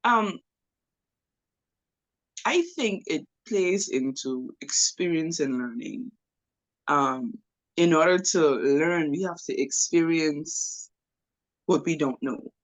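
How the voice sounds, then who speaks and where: A woman in a casual interview, sharing her thoughts slowly and reflectively. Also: sits low, expressive, dull audio. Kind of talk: casual conversation.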